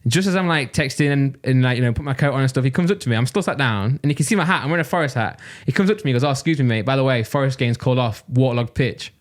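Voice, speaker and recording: Fast, animated Midlands man ranting. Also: medium pitch. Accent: English Midlands. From Nottingham, England. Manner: animated, exasperated storytelling. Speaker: podcast co-host. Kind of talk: casual podcast chat.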